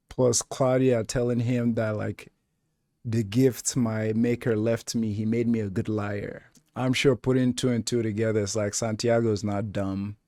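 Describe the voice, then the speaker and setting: A man's voice: medium pitch, warm tone, dry recording, studio quality. A man giving casual reaction commentary on a TV show, rambling in a laid-back way with many filler words. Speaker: reaction video host.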